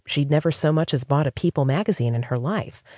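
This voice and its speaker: A woman reading a romance audiobook as narrator, in a steady scripted style. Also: sits low, brisk, dry recording.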